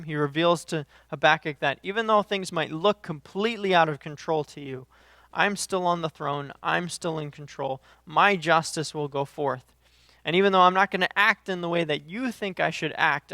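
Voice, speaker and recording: A man's voice: on the high side, bright, forceful tone, dry recording, studio quality. A young adult man, a missionary, giving an earnest, conversational devotional and reading scripture aloud, with frequent filler words. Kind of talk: short video devotional.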